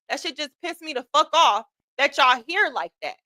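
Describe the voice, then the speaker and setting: A woman's voice: sits high, lively intonation, fairly quick, few pauses, sharp tone, dry recording. A woman hosting a livestream, ranting bluntly and argumentatively with heavy profanity. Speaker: host. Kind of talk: heated livestream rant.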